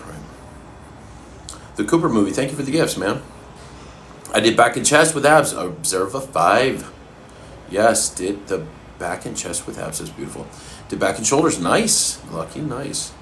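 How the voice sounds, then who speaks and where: Low-voiced man eating on a live fitness Q&A. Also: a little hiss or hum. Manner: relaxed, talks with his mouth full, pauses mid-sentence. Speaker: fitness coach answering live viewer questions. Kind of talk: casual live-stream Q&A while eating.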